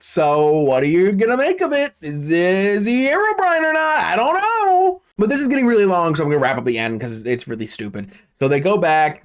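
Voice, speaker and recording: A man giving a casual, sarcastic film recap and review on his channel, swearing freely as he tells the story. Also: on the high side. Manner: sarcastic, profane, animated storytelling.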